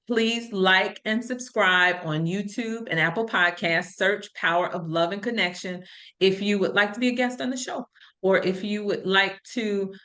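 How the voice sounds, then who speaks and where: A woman's voice: mid-range voice, bright, forceful tone. A middle-aged woman hosting a podcast, telling stories in an earnest, reflective way in casual conversation. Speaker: podcast host.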